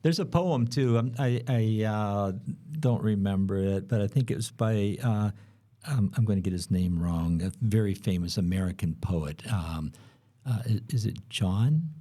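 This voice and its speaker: A man's voice: on the low side, a little slow, dark tone. A man co-hosting a podcast, explaining in a rambling, hesitant way with many fillers. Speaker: podcast co-host explaining bees. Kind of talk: casual explanatory chat.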